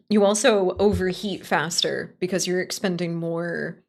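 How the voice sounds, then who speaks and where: A woman's voice: lowish voice, fairly even intonation, normal speed, gravelly, few pauses. A woman streaming live, chatting casually in a blunt, opinionated, heavily profane way while answering her chat. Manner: playful, answering chat as she talks.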